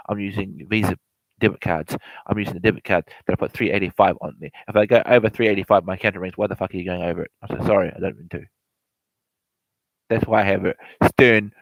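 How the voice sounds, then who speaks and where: A low-voiced man, captured in a dry recording with poor audio, rambles through an informal lecture on property investing. He repeats himself, keeps correcting his own words, and talks directly to whoever is listening.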